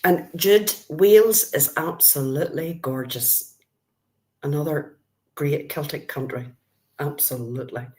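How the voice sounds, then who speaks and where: Northern Irish woman, middle-aged, low voice, friendly live-stream chatter. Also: unhurried, darkish tone. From Northern Ireland. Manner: chatty, greets viewers by name, calls them love. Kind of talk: casual live-stream chat with viewers.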